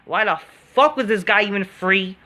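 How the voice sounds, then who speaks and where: A woman's voice: mid-range voice, moderate pace, pushed and bright. A woman hosting an online commentary video, delivering an angry, profane rant full of fillers, restarts and constant swearing.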